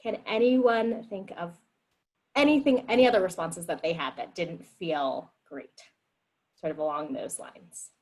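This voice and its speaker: A woman's voice: lowish voice, a little slow, a little mellow, rough recording. A woman leading a group discussion on empathy over a video call, upbeat and acting out quoted replies in a livelier voice. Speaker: meeting facilitator.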